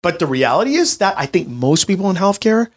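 A man in his late twenties telling a personal story in an animated, chatty way, talking straight to his listeners. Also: high voice, a little fast. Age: 20s. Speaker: healthcare business owner. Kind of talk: storytelling monologue to an audience.

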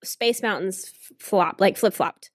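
A woman's voice: mid-range voice, unhurried, no echo, studio quality. A woman from the American South with a Southern accent, telling stories on a casual podcast and laughing often. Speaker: podcast co-host.

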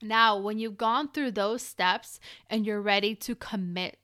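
A woman's voice: mid-range voice, steady tone, unhurried, bright, forceful tone, dry recording. A woman hosting a solo podcast as a keto coach, chatty and encouraging, talking straight to the listener from a close mic. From Ukrainian family.

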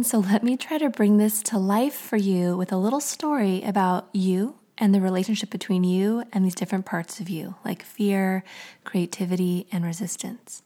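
A woman speaker with a warm, mellow voice leads her listeners through a vivid guided story. She often drops into a soft half-whisper. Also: medium pitch. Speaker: creativity speaker.

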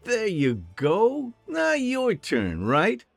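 A cheerful, chatty little halfling man, voiced by a male narrator in a fantasy storybook. His voice sits very high and bounces with friendly, eager energy. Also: huge pitch swings, extremely slow, creaky, dry recording, soft background music, heavily acted. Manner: bubbly, talkative.

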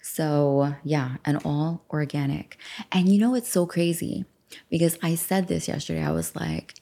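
In a low, steady, gravelly voice with a dark tone, a woman speaks a little slowly as she hosts a self-help podcast. A life coach at a studio mic, she casually guides listeners through journaling, chatty and affirming, acting out her own thoughts.

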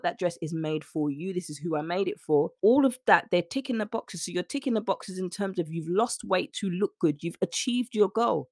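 A woman coaching listeners in a solo podcast monologue. She talks in an animated way and acts out little scenes with voices. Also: lowish voice, dry recording, studio quality. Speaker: weight-loss coach and podcast host.

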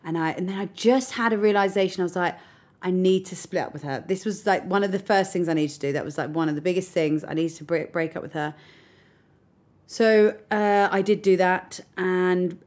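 A woman's voice: lowish voice, normal speed, a little mellow. A young adult woman telling a personal story as an interview guest, reflective and open, sometimes close to tears. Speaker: guest recounting a hard period.

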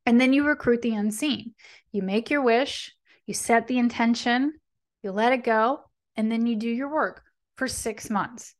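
A woman hosting a tarot reading, speaking in an animated, encouraging way and often checking in with her listeners. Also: a little high, a little slow. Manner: animated, encouraging, checks in with frequent "right?" and "okay?"; speaks affirmations with conviction. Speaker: tarot reader and podcast host. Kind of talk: casual spiritual guidance talk.

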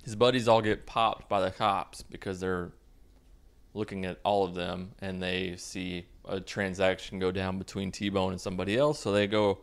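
A man casually recapping a movie in a sarcastic, deadpan way, swearing freely. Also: low voice, moderate pace, vocal fry, smooth. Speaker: video host recapping a movie.

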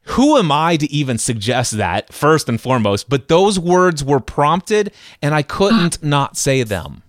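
Animated storytelling male podcast host. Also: a little high, unhurried, no echo, studio quality. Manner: animated, acts out quoted voices. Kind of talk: conversational storytelling.

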